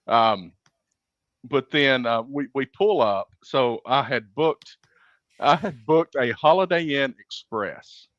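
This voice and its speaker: A man's voice: medium pitch, slow, fairly bright tone, dry recording. Male podcast co-host, rambling casual storyteller, dull muffled recording. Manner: rambling storyteller with many fillers and restarts. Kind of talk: casual chat.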